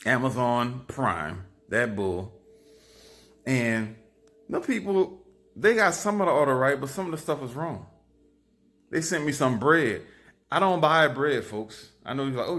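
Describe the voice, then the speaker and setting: Man, casual vlog storytelling, animated, filmed on a phone. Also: mid-range voice. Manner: animated, repetitive, lively storytelling. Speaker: vlogger. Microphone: phone camera.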